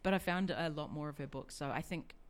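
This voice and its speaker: A woman's voice: low voice, fast. A woman co-hosting a book chat show, talking chattily with frequent laughs and restarts. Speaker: book show host, bookshop owner. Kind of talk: casual radio chat.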